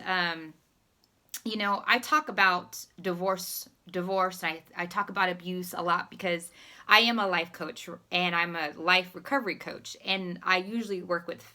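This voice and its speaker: A woman life recovery coach speaks straight to her viewers in a loose, chatty way. Her voice sits low yet sounds bright and forward. She fills pauses with ums and you-knows and turns encouraging as she goes on. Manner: chatty, many fillers and restarts, encouraging. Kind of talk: casual spoken vlog.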